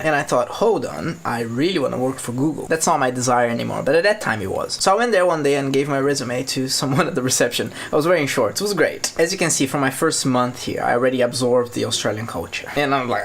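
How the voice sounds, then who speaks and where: A man in his twenties from Brazil, with a Brazilian Portuguese accent, telling stories in a casual vlog, animated and laughing often. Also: a little hiss or hum. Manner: animated, laughing often, acting out quotes in a higher voice. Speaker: vlogger.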